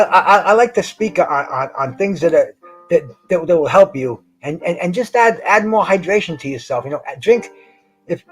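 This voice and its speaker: High-voiced stammering man, casual chat. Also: low-quality recording. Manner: stammering, repeats words, slangy. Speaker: boxing show host.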